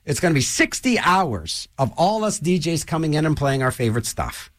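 An older man hosting a radio show, rambling and joking in a loose, animated way in a studio. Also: normal speed, no echo. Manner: animated, rambling, jokey, restless pitch swings. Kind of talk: rambling radio host chat.

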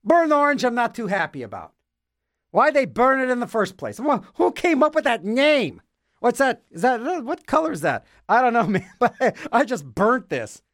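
A man's voice: very high-pitched, sing-song, normal speed, a bit bright, dry recording, studio quality. A man hosting a radio show, rambling in a goofy, self-mocking way and repeating words in silly voices. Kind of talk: rambling comedic radio banter.

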